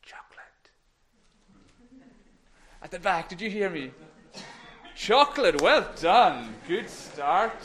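A man with a high, light voice leads a children's talk in church. He is playful and encouraging, and at times sinks into a hush. He speaks into a microphone. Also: big pitch swings, takes it slowly. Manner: playful, encouraging, drops to whispers. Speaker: minister giving a children's talk.

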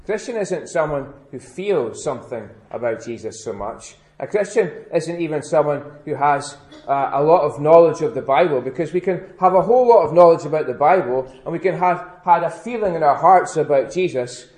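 A man as a pastor giving a children's address in church, speaking gently and slowly repeating key words for emphasis. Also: a little high, animated. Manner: gentle, questioning children, slow emphatic repetition. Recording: echoey church room.

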